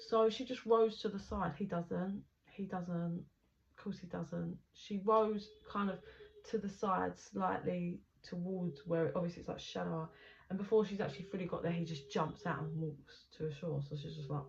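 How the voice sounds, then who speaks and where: A woman with a fairly low voice talks through a tarot reading in a loose, rambling way, swearing now and then. The recording is dull and lo-fi, with a faint hiss of background noise. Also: steady tone, normal speed, vocal fry. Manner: chatty, rambling, swears casually. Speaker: tarot reader. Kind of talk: casual tarot reading narration.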